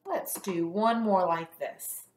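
A woman teacher leading a first grade phonics lesson, sounding out letters slowly and praising the class. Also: mid-range voice, noisy background. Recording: echoey room.

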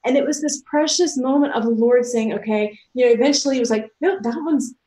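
An American woman with young children, giving an earnest, emotional faith testimony that moves between soft reflection and excited outbursts. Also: a little high, quick pace, roomy sound. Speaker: author and speaker.

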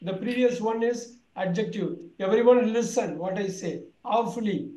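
Male teacher, high-pitched, roomy echo; drills word families and quizzes the class. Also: normal speed, warm tone. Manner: drilling, repeats words, quizzes students. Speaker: English teacher. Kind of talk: online vocabulary lesson.

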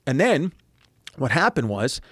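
A man in his thirties, a comedian and podcast guest, telling a story in casual chat, animated and profane, acting out other people's lines as he goes. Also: medium pitch, a little slow, breathy edge, no echo, clean studio sound. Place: podcast studio.

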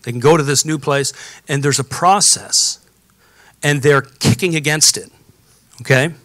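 Bright-voiced man preaching a sermon. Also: a little high, unhurried, no room sound. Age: adult, has children. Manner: conversational preaching with frequent rhetorical questions and asides. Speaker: pastor.

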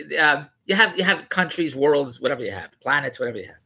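A vlogger riffs on a news article in a rambling, digressive way, mocking it incredulously and often correcting himself. His voice is fairly high, very animated, fast with few pauses, sharp in tone, and slightly rough.

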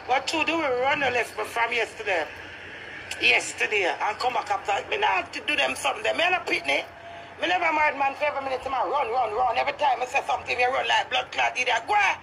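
A woman's voice: high-pitched, quick pace, creaky, noisy background. A Jamaican woman ranting heatedly to camera, cursing freely in patois. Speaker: vlogger. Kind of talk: ranting street vlog.

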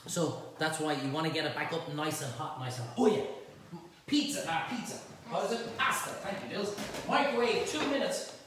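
A man's voice: fairly high pitch, fairly bright tone, very echoey, far from the mic, slight background noise, low-quality recording. A man hosting a casual cooking demonstration, chatty and jokey as he cooks and talks to his helpers in a home kitchen. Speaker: cooking show host.

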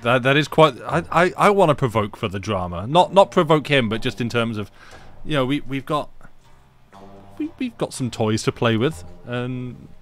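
A man chatting casually while playing a story game on stream, joking and tripping over restarts when excited. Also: mid-range voice, moderate pace. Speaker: streamer playing a visual novel. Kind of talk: casual chat.

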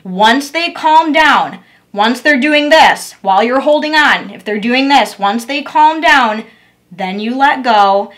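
Woman, young adult, a bit high voice, dog groomer, patient coaching, repeats steps. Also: lively intonation, takes it slowly, a bit bright. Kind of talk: instructional demo.

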